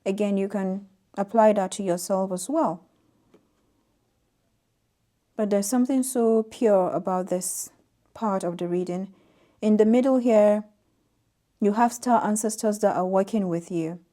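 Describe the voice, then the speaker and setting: Mellow-voiced woman giving a tarot reading. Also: medium pitch, normal speed. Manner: soft-spoken, reads oracle card text aloud with gentle emphasis. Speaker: tarot reader. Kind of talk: intuitive tarot reading to camera.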